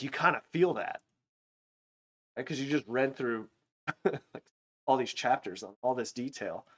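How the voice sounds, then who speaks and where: A middle-aged man leads a Bible class in a loose, chatty way. His voice sits at an ordinary middle pitch. He jumps into quick little acted voices as he retells the scripture. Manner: conversational, animated retelling with acted-out quotes. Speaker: Bible teacher. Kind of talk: casual Bible lesson.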